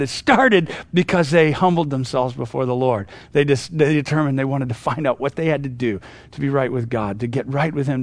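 Guy walking through a bible passage, kinda high voice, chatty, dry sound. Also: dry recording. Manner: casual, chatty, many restarts and asides. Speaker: Bible teacher. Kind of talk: conversational Bible teaching.

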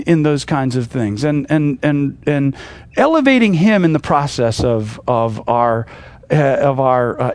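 A middle-aged man teaches scripture in a loose, chatty way, stumbling over fillers and restarts. His voice sits high and swings widely as he acts out the people in the story. The sound is close and dry. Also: no echo. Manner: conversational, many fillers and restarts, acts out quoted lines. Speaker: pastor. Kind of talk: casual Bible teaching.

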